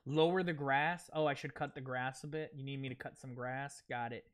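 A man's voice: mid-range voice, fairly even intonation, a little fast, fairly bright tone. A man live-streaming a game, talking casually and directly to his chat viewers, rambling with many fillers and restarts while game music plays.

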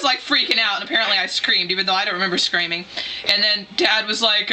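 A woman telling a personal story in a casual, rambling, excitable way, full of "like". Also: mid-range voice, fast, a little hiss or hum. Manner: rambling, excitable, heavy use of "like".

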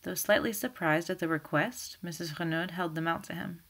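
A woman with a low, gravelly voice reads a chapter aloud in even narration. She then breaks off to explain it in a relaxed, teacherly way. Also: normal speed. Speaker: reader and teacher.

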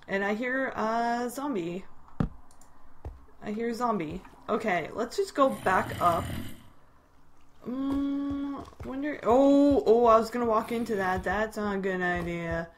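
A young woman chatting casually over her gameplay, easily startled and poking fun at herself. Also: medium pitch. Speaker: gamer. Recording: noisy home recording.

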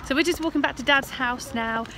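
A woman's voice: sits high, brisk, background noise. A woman chatting casually to camera in a vlog, rambling and laughing now and then. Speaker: vlogger. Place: home, then walking outdoors and a busy cafe.

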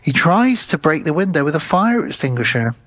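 A man's voice: fairly high pitch, very animated, a little fast, fairly bright tone, dry recording, soft background music. Guy on a film podcast recapping the plot, doing little voices for the characters, dry lo-fi sound. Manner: retells plots at length, acting out characters' lines. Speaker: podcast co-host. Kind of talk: casual film recap chat.

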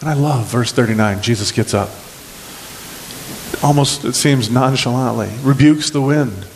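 A man preaching a sermon as pastor, animated and lively, acting out the scripture scenes as he goes. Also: mid-range voice, moderate pace, a little hiss or hum, poor audio.

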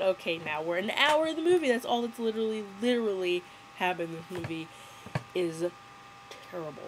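A woman's voice: medium pitch, animated, fairly quick, a little hiss or hum, low-quality recording. Sarcastic, giggly young woman vlogger. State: sick. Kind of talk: casual movie commentary.

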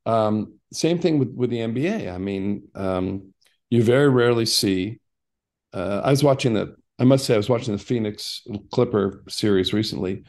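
An older man with a fairly low voice talks through his memories in a loose, rambling way. He restarts sentences often and drifts into asides as he gives his views as an interview guest. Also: normal speed, a little mellow. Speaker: guest, former actor and basketball coach. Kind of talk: casual interview storytelling.

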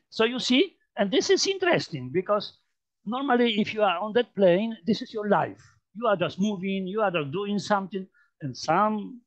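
Man, polish accent, high-pitched, informal math lecture, halting and repetitive, dull lo-fi recording. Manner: halting, many fillers and restarts, repeats phrases. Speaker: mathematics lecturer. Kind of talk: informal lecture demonstrating on a computer. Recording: dull lo-fi sound.

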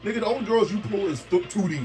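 A man's voice: high voice, fast talker, darkish tone, soft background music. A middle-aged man, a father, trading boastful, teasing banter while hosting a family video game tournament. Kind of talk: casual trash-talk over gameplay.

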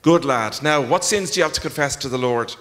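A man's voice: medium pitch, fairly quick, a bit bright, lightly acted. Man doing an indignant elderly priest. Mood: scolding. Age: older than 60. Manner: scolding, exasperated, indignant. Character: elderly stern male priest in confessional. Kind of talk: live reading aloud. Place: large concert hall. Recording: long concert hall reverb.

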